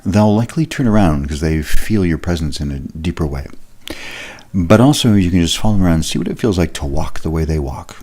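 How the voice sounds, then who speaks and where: A man's voice: sits low, expressive, a little fast, dark tone. A man giving a recorded leadership lesson, explaining exercises in a conversational way with occasional fillers. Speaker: leadership trainer.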